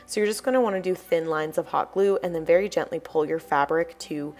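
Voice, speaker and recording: A young woman hosting a craft channel, talking through each step in a chatty voice-over, a little croaky from the early morning. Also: on the low side, brisk, a little mellow. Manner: chatty, explanatory, apologetic asides. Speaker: DIY crafts channel host. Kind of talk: voice-over tutorial narration.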